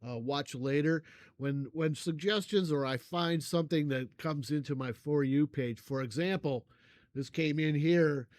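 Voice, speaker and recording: An older man hosting a music reaction channel chats casually to his viewers, rambling and halting with many fillers, effusive in his thanks, often coughing and clearing his throat. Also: a little high, no room sound. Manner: effusive, warm toward viewers.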